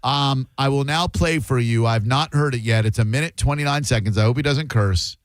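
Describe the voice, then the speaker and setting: A man's voice: mid-range voice, brisk, no echo. A man hosting a radio talk show, chatting casually with sarcastic asides. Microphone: studio microphone.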